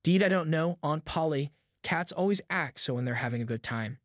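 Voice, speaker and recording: A man's voice: a little high, expressive, moderate pace, dry recording, studio quality, natural voice. A man doing a cheeky, mischievous young boy. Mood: innocent. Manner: cheeky, innocent-sounding excuses.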